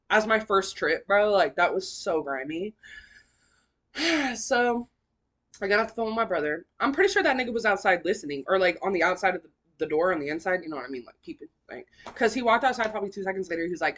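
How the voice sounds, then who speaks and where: A woman's voice: mid-range voice, a bit bright. A young woman, hosting a podcast and telling her own story in a slangy, profane, emotional way. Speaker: podcast host. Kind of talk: personal storytelling.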